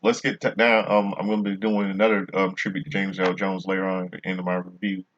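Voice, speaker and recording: A man's voice: low voice, flat delivery, fast talker, a bit bright, highs cut off. A man casually reviewing a wrestling show in a vlog, rambling and often restarting his sentences.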